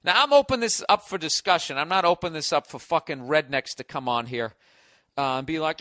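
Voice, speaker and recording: A man's voice: a little high, animated, brisk, sharp tone, no room sound, clean studio sound. Sarcastic, profane American man on a podcast. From United States. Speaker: podcast host. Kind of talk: comedic podcast rant. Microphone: studio podcast mic.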